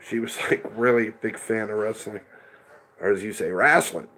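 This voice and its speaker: A man's voice: on the low side, steady tone, fast talker. A middle-aged man hosting a casual livestream, chatting rambly and answering viewers by name. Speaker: livestream host reading chat.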